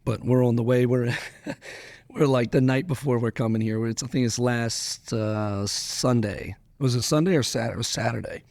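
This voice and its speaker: A young man with a loose, animated way of talking, swearing freely and laughing often as a podcast guest. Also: medium pitch, moderate pace, vocal fry, no echo. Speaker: record-setting drag racer, guest. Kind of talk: casual storytelling.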